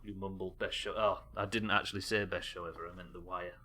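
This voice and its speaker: A British man from the United Kingdom live-streams a game, chatting casually with his chat and reading aloud while often interrupting himself. His voice is low-pitched, flat, a little fast, pushed and bright.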